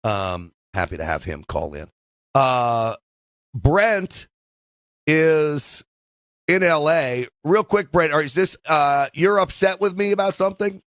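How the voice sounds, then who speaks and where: A man's voice: a little high, takes it slowly, a bit bright, no echo, studio quality. A man hosting a call-in talk radio show, teasing his callers in a jokey way and laughing often. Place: radio studio. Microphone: studio microphone.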